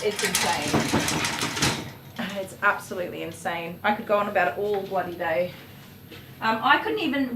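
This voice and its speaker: A woman's voice: fairly high pitch, a bit bright. A woman chatting casually and rambling while she works as a dog groomer on a livestream. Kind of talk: casual chat while working. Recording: roomy, distant mic, faint noise.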